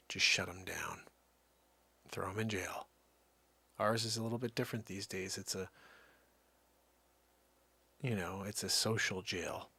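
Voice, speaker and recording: A man's voice: fairly low pitch, creaky, pushed and bright, breathy edge, dry recording. A man hosting a livestream, ranting in a heated, sarcastic and exasperated way. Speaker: livestream host. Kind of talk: ranting live commentary.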